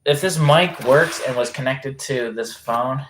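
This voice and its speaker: Casual livestreamer, mid-pitched voice, talks in fits and restarts, reacts to chat. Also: unhurried, a bit bright, slight background noise. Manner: rambling, self-interrupting, reacting to chat messages; swearing freely.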